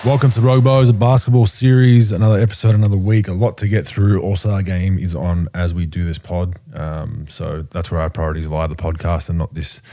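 A man co-hosting a casual sports podcast, relaxed and rambling. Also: low-pitched, brisk, hardly any pauses, slight background noise. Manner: relaxed, rambling, apologetic asides. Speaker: podcast co-host.

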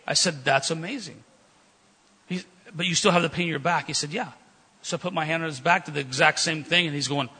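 A man's voice: on the high side, a little fast, pauses often, bright, forceful tone, breathy edge. A man preaching a fervent sermon in a church, telling stories with quoted dialogue. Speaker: guest preacher. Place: church sanctuary. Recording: long reverb of a church hall.

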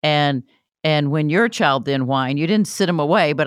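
A podcast host leads a relaxed conversation, often pausing to reflect on the guest's points and sum them up. The voice sits at a middle pitch and sounds dry and close to the mic. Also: smooth, dry recording.

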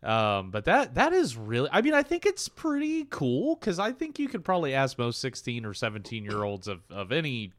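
A man's voice: medium pitch, wildly swooping pitch, moderate pace, few pauses, a bit bright, no room sound. A man co-hosting a casual podcast chat, joking and swearing, slipping into silly put-on accents. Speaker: podcast co-host.

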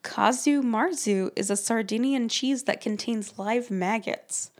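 A woman co-hosting a casual podcast, reading out a list of fun facts in a deadpan way. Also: a little high, a little slow. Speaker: podcast co-host.

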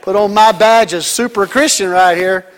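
A middle-aged male pastor preaching a sermon, swinging between loud emphatic lines and soft, drawn-out ones. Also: sits high.

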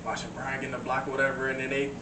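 Man, soft-spoken, casual chat, distant roomy sound. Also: mid-range voice, monotone, very fast, noisy background. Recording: roomy, distant mic, background voices.

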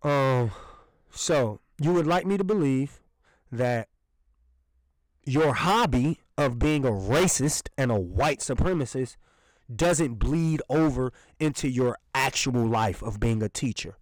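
A man's voice: medium pitch, animated, slow, no room sound, rough recording. Sarcastic, profane male podcast ranter. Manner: indignant, sarcastic, profane, laughs while ranting. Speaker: podcast host. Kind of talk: ranting solo podcast commentary.

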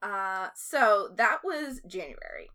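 Woman, podcast host, bright tone, chatty, blunt, filler-heavy storytelling. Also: mid-range voice, animated, takes it slowly. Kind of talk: casual storytelling chat.

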